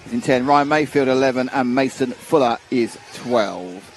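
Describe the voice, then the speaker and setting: A man's voice: mid-range voice, normal speed, a little hiss or hum. A man commentating live on a model car race, chatty and jokey, thinking aloud as he goes.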